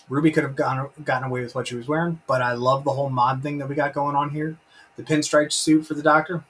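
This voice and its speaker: A man's voice: on the high side, fairly bright tone, husky, low-quality recording. Enthusiastic rambling male stream host. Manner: enthusiastic, rambling, reads out chat comments. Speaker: live-stream host reviewing a TV episode. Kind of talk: casual live-stream chat.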